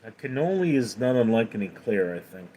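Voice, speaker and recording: A man's voice: lowish voice, big pitch swings, brisk, warm tone. A man chatting casually on a livestream, answering viewers' questions in a rambling, hesitant way. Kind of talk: casual live chat.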